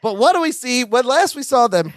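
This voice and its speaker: Male podcast co-host, animated recap style, very expressive pitch. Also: fairly quick, dry recording, studio quality. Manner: animated storytelling, laughs often. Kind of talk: casual episode recap chat.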